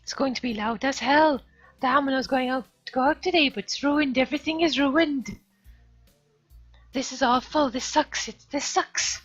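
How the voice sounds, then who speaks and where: A woman voicing a paranoid, reclusive teenage boy who rants in loud, panicky outbursts. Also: high-pitched, moderate pace, husky, voice pushed up. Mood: frantic. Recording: dull lo-fi stream audio, faint music.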